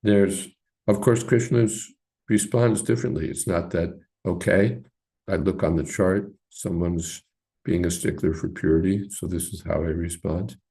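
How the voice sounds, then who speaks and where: A man giving an informal, halting commentary on scripture to a class, with many pauses and fillers. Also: sits low, creaky, warm tone, husky. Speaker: teacher leading a scripture class.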